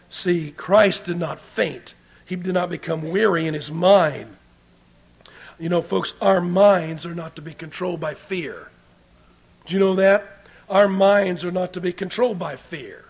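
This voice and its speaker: A man preaching a sermon, moving between loud emphatic points and quiet asides to the congregation. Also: sits high, measured pace, vocal fry, husky.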